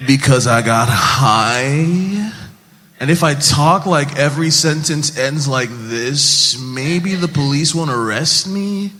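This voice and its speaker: Give me a drawling stoner bro as a Nigerian man puts him on, slow, in a reverberant room. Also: fairly high pitch, lively intonation, sharp tone, heavily acted. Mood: lazy. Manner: slow, drawn-out, sentences trailing off.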